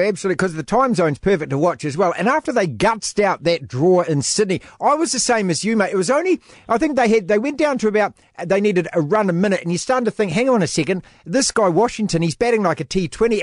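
A New Zealand man hosting a radio chat, playful and full of banter. His voice is high for a man and swings widely in pitch. The studio sound is dry and close. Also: dry recording. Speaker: radio host.

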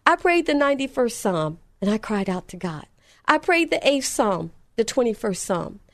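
A woman's voice: fairly high pitch, very animated, normal speed, no echo. A middle-aged woman telling a personal testimony story in an earnest, emphatic way, repeating phrases for effect.

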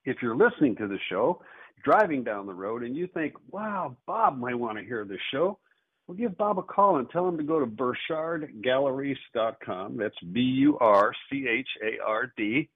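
A man hosting a call-in radio show as an auctioneer, with brisk, salesy patter. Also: animated. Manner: salesy, rapid pitch with repeated phone number. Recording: husky voice over a tinny phone-like radio line.

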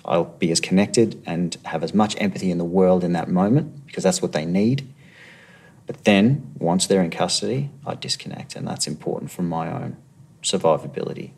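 An Australian man, a police negotiator, calmly reflecting on his work in a documentary interview. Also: sits low, vocal fry, husky.

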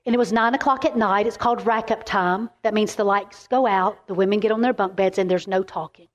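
A middle-aged woman preaching a storytelling sermon as a women's ministry speaker, animated and emphatic, often restarting her words. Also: mid-range voice, brisk.

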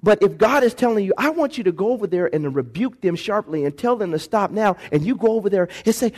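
A man preaching a sermon in a church, calling for responses from the congregation and swinging between quiet, slow lines and shouted bursts. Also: sits high, lively intonation. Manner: call-and-response preaching, shifts from soft to shouted. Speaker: pastor. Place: church sanctuary. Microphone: handheld or stand microphone.

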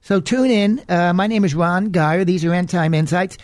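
A man's voice: sits high, moderate pace, no room sound, clean studio sound. A man hosting a preaching program, delivering an earnest, emphatic warning message. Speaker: radio preacher and host. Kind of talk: preaching monologue.

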